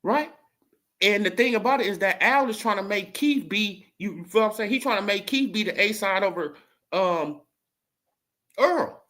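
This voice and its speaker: A man's voice: high voice, lively intonation, normal speed, pushed and bright. A man hosting a casual boxing commentary stream, talking loosely and tagging points with rhetorical "right?". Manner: loose and repetitive, tags lines with "right?". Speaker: host.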